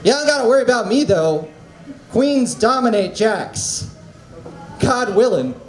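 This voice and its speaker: A man doing open-mic stand-up in a small venue, with deadpan setups and quick impressions. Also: very high-pitched, reverberant. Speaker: stand-up comedian.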